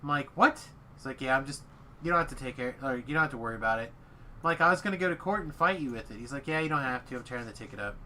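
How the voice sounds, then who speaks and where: Bright-voiced man telling a story. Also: mid-range voice, racing, slight background noise. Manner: animated storyteller acting out quotes. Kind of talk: casual chat.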